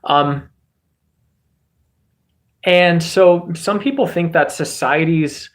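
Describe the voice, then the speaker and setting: Rambling American man, fairly high voice. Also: very slow. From United States. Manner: rambling, many fillers and restarts. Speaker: streamer host. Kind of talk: casual political commentary.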